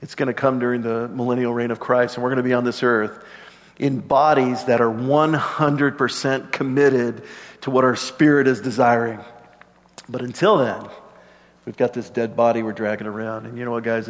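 Chatty middle-aged pastor in a reverberant hall. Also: male voice, medium pitch, level tone, normal speed. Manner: conversational, joking asides to the congregation. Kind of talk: sermon.

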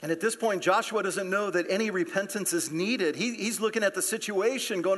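A man's voice: high voice, brisk, few pauses, a bit bright. A man preaching a sermon, explaining the verses in a conversational way and asking his listeners questions. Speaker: pastor.

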